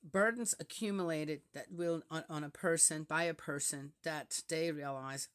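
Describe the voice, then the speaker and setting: A woman reads scripture aloud and breaks off to think out loud about it. Her comments are hesitant and wandering, and she keeps turning to the listener with a questioning "yes?". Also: sits low, normal speed. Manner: musing, hesitant, checks in with listeners by asking "yes?". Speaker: scripture reader. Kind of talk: reading psalms aloud with personal reflection.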